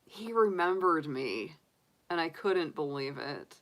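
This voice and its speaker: A woman's voice: low-pitched, animated, slow. A woman reading tarot, chatting casually to her viewers and telling a rambling story, laughing often. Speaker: tarot reader and astrologer. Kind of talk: casual storytelling to a live chat.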